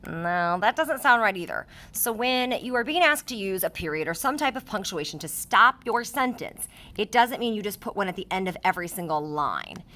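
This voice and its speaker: A woman's voice: mid-range voice, big pitch swings, normal speed, sharp tone. A woman teaching a writing lesson to third graders, reading her example sentences aloud as she explains punctuation.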